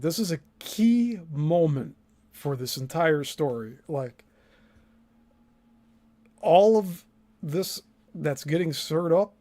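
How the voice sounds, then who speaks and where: A woman commenting slowly and deliberately on a story in casual chat. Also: deep voice, mellow. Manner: slow, deliberate, emphatic commentary. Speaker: co-host.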